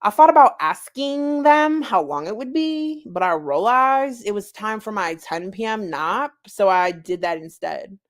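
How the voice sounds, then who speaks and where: A woman's voice: mid-range voice, expressive, a little slow, hardly any pauses, natural voice. A woman voicing a tiny, bubbly, childish woman who talks in a whiny, self-assured way. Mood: complaining.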